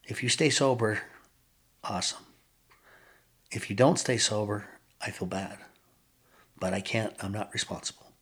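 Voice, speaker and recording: An older man, a podcast guest, telling his personal recovery story in an earnest, reflective way with frequent pauses. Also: lowish voice, fairly bright tone, slightly rough.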